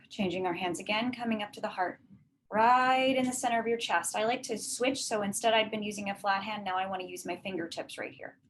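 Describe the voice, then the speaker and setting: A woman leading a guided tapping meditation, slowly repeating affirmations and pausing for breaths. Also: medium pitch, a bit bright, a little hiss or hum. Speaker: tapping session leader.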